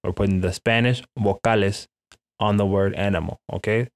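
A man with a slightly low voice leads a beginner Spanish lesson. He drills the vowel sounds slowly and carefully for listeners to repeat after him. He checks in with "okay?" again and again. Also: fairly even intonation. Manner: frequent "okay?" check-ins with learners. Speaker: Spanish teacher.

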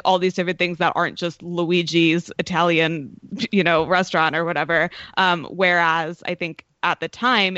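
A woman's voice: fairly low pitch, a bit bright, dry recording. Woman talking with many fillers, dull audio. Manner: thoughtful, many fillers and restarts. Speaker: podcast panelist. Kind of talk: casual discussion.

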